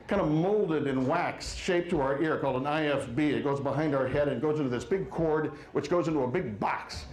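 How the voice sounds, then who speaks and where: A man in his forties doing a stand-up comedy set, telling wry stories with quick quoted asides. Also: a little high, darkish tone, reverberant. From Wisconsin. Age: 40s. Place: live comedy venue with audience.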